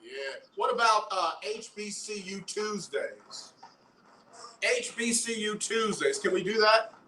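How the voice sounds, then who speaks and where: A man hosting a casual radio talk show, animated as he banters with listeners and callers. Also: high-pitched, slow, reverberant, low-quality recording. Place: radio studio.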